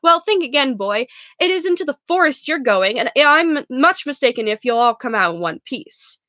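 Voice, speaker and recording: A sneering old school caretaker, gloating over punishments as he threatens the children, as a woman reading a storybook aloud puts him on. The voice stays high and bright. The recording is close and dry. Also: big pitch swings, normal speed, dry recording, exaggerated voice. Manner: gloating, menacing.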